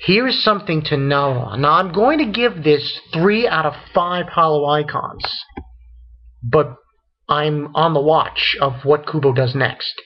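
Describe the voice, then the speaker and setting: A man's voice: a little high, a little slow, muffled recording. Rambling man ranting in a review. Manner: rambling, repeats "and then". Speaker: manga reviewer, channel host. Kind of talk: casual review rant.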